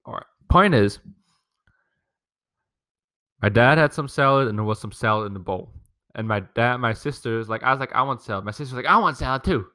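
A man's voice: medium pitch, normal speed, pauses often, pushed and bright, clean tone. A young man hosting a casual podcast from home, rambling through a profane, complaining story about his family. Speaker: podcast host. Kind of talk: casual rant.

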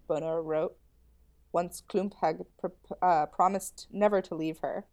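A woman's voice: lowish voice, steady tone, measured pace, darkish tone. A young adult woman co-hosting a podcast, talking emphatically in casual chat and repeating phrases for effect. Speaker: podcast co-host.

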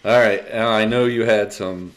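A man's voice: on the low side, steady tone, moderate pace. A man in his fifties co-hosting a casual podcast chat, easygoing, quizzing his co-host. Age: 50s.

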